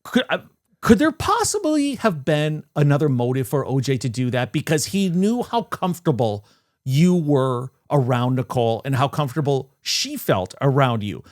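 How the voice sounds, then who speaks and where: A man's voice: medium pitch, big pitch swings, moderate pace, no echo, studio quality. A man hosting an interview, asking long, loose questions and chiming in with agreement. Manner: chatty, loose questions with frequent backchannels. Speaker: host. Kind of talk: casual interview.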